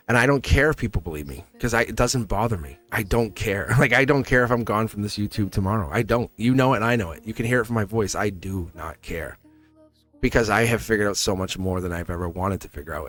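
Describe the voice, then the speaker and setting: A man's voice: fairly low pitch, a bit bright. A man giving a live tarot reading, talking in a rambling, earnest way, laughing often and acting out quoted lines. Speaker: tarot reader. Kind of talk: live tarot reading, casual spiritual talk.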